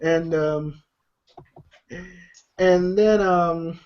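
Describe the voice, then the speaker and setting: A male podcast host who reviews movies recaps a film in casual chat, rambling through the story with lots of fillers and laughter. His voice sits on the high side with fairly even intonation, drawn-out words, and a clean tone, though the lo-fi recording sounds dull.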